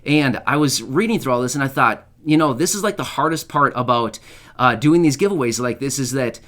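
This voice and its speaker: An earnest man speaks straight to his audience in a casual, heartfelt way. His voice sits in a middle pitch, and he loops back on his thoughts with plenty of fillers. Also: expressive, fairly quick, fairly bright tone. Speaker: channel host. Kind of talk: casual to-camera talk.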